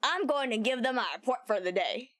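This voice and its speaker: A woman's voice: a little high, animated, brisk, slight background noise, lightly acted. A woman reading as a chummy, bumbling male detective. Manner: eager and chummy, calls people pal. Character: loyal, bumbling, upbeat male police detective. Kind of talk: reading game dialogue aloud.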